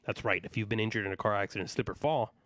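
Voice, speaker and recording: A man hosting a casual live podcast, joking and hyped as he shouts out viewers, sounding a little fatigued. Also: lowish voice, rapid-fire, no echo. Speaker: podcast host.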